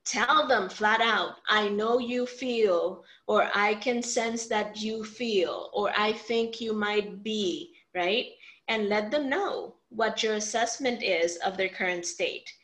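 A communication coach with a mid-range voice speaks slowly while teaching a workshop on family communication. She's animated, acting out example lines and frequently checking in with "right?". The recording is rough.

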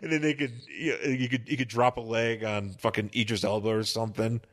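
A man's voice: mid-range voice, little pitch movement, a little fast. A man co-hosting a podcast in casual chat, rambling and joking, often laughing at his own riffs. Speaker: podcast co-host.

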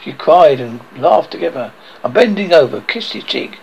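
Gravelly dramatic horror-story narrator man. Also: medium pitch, lively intonation, a little hiss or hum, low-quality recording. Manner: dramatic, with halting slips. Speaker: horror host.

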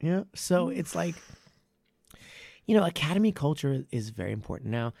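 A man who runs a martial arts academy, chatting on a podcast in a rambling, self-correcting way that grows animated when he makes a point. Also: fairly high pitch, normal speed, gravelly, no room sound. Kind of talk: casual podcast chat.

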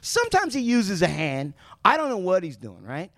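A male podcast host with a high-sitting voice tells stories in casual conversation, cracking jokes and swearing freely along the way. He's animated and talks at a normal speed. The recording is dry and studio quality.

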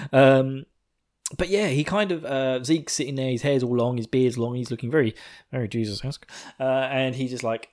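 A man's voice: medium pitch, steady tone, normal speed, darkish tone. A man hosting a podcast, recapping an episode in a rambling, giggly way full of swearing, buzzing on coffee. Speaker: podcast host.

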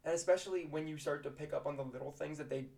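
A man teacher co-hosting a podcast in casual chat, telling lively classroom stories and acting out scenes. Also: a little high, quick pace, gravelly. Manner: animated storyteller who acts out classroom scenes.

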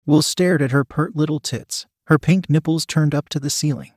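A man reading a story aloud as a narrator, in an even, unhurried storytelling manner. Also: a little high, no echo, clean studio sound. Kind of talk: scripted audiobook narration.

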